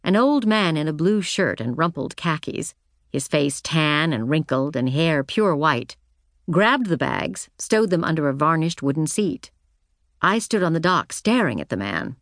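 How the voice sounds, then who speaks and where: A woman reads first-person audiobook fiction in a low, steady voice. Her delivery is measured and reflective, and the studio sound is close and dry. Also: no room sound. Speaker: audiobook narrator. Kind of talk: scripted first-person narration.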